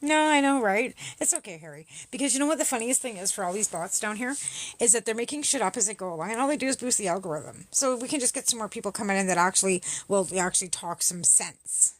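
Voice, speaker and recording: This Canadian woman hosting a livestream speaks at a medium pitch, animated and quick. She answers commenters combatively, mocking them and swearing, with no room sound in the recording.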